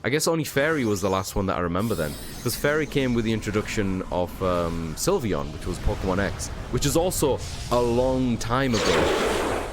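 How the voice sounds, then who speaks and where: A man's voice: fairly low pitch, animated, normal speed, music in the background. A young man streaming a game, talking in a tired, rambling way full of fillers and casual swearing. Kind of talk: casual gameplay commentary.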